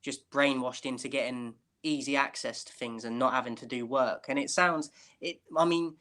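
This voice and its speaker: A man's voice: medium pitch, fairly even intonation, moderate pace, pushed and bright. A British man co-hosting a casual chat over a video call, rambling and asking "do you know what I mean". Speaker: podcast co-host.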